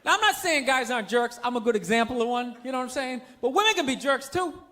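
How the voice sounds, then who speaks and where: A middle-aged male comedian rants through his stand-up set in a high, bright, forceful voice. He talks loudly and breaks into sudden shouts, over a faint room ambience. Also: animated, fast, slight background noise. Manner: loud, ranting delivery with sudden shouts.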